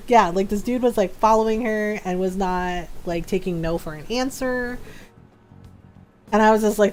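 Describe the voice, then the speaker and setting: A woman's voice: mid-range voice, normal speed. Chatty woman streamer, rambling storyteller. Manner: rambling, heavy on filler words; animated, acts out quoted dialogue. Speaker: game streamer. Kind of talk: casual storytelling chat while gaming.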